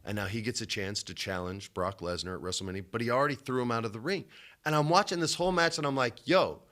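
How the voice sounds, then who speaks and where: A young man co-hosts a casual podcast chat with a bright, forward voice. He tells his story with lots of energy, jumping up loud for the big beats and dropping down low for the side remarks. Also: fast talker. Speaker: podcast co-host.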